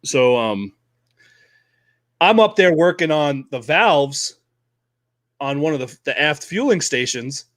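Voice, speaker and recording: A man co-hosting a casual podcast, telling Navy stories in a profane, animated way and acting out shouted quotes. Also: on the high side, slow pace, pauses often, no echo. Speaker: podcast co-host, Navy veteran. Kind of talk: casual storytelling chat.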